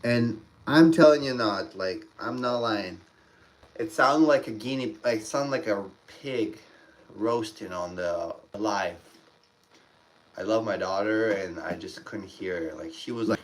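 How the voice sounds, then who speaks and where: A man with a fairly low voice, unhurried, rambles through emotional stories as a father on a casual livestream. Restarts come often, and the faraway mic lets in faint room noise.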